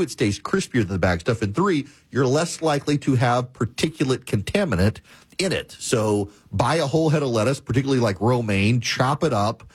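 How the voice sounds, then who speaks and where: A male talk show host telling a story and giving commentary in a measured, repetitive cadence. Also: mid-range voice, breathy edge, no echo.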